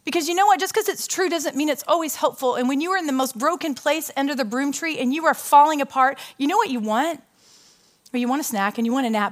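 A woman in her thirties preaches from a stage in a chatty, animated way, weaving personal stories into her message. Her voice sits a little high, and she keeps turning to the audience with questions. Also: fast. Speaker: women's ministry speaker. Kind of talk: conversational sermon with storytelling.

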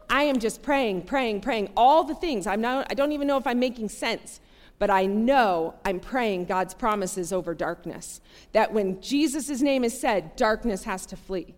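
A woman's voice: a little high, a little slow. Earnest woman preaching in a reverberant hall. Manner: conversational, earnest, animated storytelling. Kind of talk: sermon with personal story.

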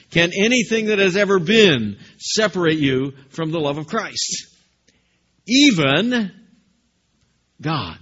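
A man's voice: a little high, big pitch swings, measured pace, fairly bright tone, lo-fi sound. A male pastor delivering a sermon, emphatic and repetitive, questioning the congregation.

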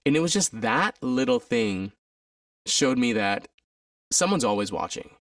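A man's voice: measured pace, no echo, clean studio sound, distant mic. A man, an alumnus and stage performer, telling a story from his career in a conversational interview, animatedly acting out the voices of others. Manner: animated, acts out quoted voices with pitch jumps.

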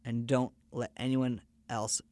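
A man's voice: medium pitch, level tone, measured pace, a little mellow. A man hosting a podcast, telling a personal story in an earnest, conversational way. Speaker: podcast host.

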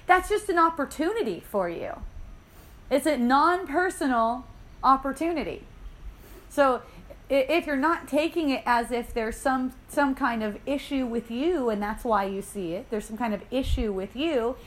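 High-voiced woman telling laughing stories. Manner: light, laughing storytelling with quoted voices. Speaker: spiritual teacher. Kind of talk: in-person spiritual dialogue talk. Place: indoor gathering room.

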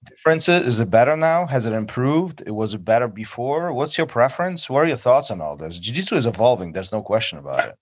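A man's voice: medium pitch, lively intonation, quick pace, few pauses, no echo, clean studio sound. A man hosting a podcast interview, chatty and teasing, asking long rambling questions. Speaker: podcast host. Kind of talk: casual interview.

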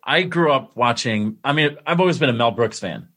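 A man with a mid-range voice chats casually. He sounds relaxed and enthusiastic as he trades memories of favorite films. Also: medium pitch, moderate pace, slightly rough. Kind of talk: casual chat.

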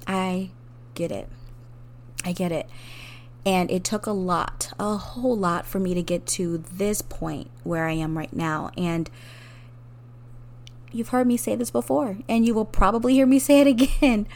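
A woman hosting a podcast, talking earnestly and openly to her listeners about hard times, often with a soft laugh and rising emphasis. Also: mid-range voice, fairly even intonation, unhurried, long pauses, slight background noise. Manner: speaks directly to the listener. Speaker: podcast host. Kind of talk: personal reflective monologue.

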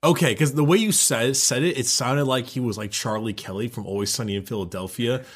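A man co-hosting a casual podcast, cutting in with jokes and quick reactions. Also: medium pitch, slightly rough. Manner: joking, reactive interjections. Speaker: podcast co-host.

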